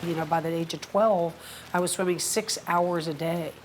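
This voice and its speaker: A woman, a swimmer, recalling her life in an unhurried, reflective personal story. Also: lowish voice, fairly even intonation, background noise. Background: instrumental music.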